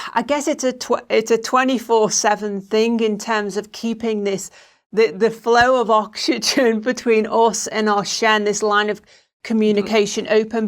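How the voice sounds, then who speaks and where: A woman co-hosting a talk, asking thoughtful questions with hesitant restarts. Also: on the high side. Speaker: co-host. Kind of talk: conversational questioning.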